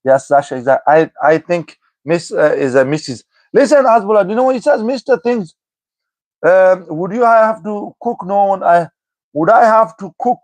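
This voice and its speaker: A man with a slightly high-pitched voice is chatting on a live stream, answering viewer comments. He teases the viewers, keeps repeating their names and keeps saying "you know what I mean". The sound is dry and close to the mic. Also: animated, moderate pace, darkish tone, dry recording. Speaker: livestreamer replying to chat. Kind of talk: live-stream chat banter.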